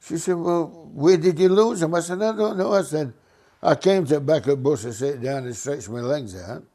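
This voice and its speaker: An older man telling a funny anecdote about his bus driving days, acting out other people's voices as he goes. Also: a little fast. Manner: lively, acts out voices of passengers with raised pitch. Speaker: storyteller, former bus driver.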